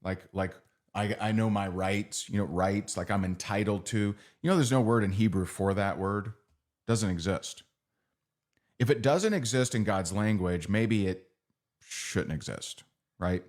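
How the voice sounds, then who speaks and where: A man's voice: on the low side, a little slow, a little mellow. A middle-aged man giving a motivational training talk. He speaks conversationally, repeats phrases and keeps asking his audience "right?".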